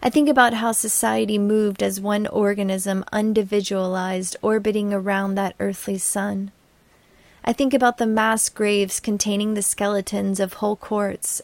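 Flat-voiced woman reading a dreamy memoir. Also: mid-range voice, vocal fry, no echo. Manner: dreamy, poetic. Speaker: narrator.

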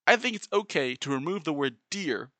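A man's voice: a little high, animated, moderate pace, bright, forceful tone, no echo. A man giving an earnest, playfully analytical explanatory monologue, breaking into short sung examples. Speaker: video essayist.

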